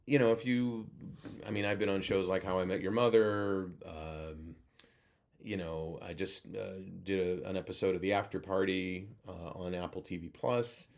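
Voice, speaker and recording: Low-voiced man telling stories on a video call. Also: normal speed. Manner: animated anecdote teller who acts out other voices. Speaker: guest actor and voice-over coach. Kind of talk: casual interview storytelling.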